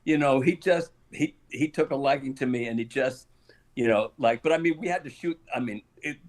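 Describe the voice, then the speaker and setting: A man's voice: mid-range voice, a little fast. An older man, a guest actor on an interview show, telling a long anecdote with frequent chuckles and acted-out lines. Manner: animated storyteller, chuckles often, acts out quoted lines.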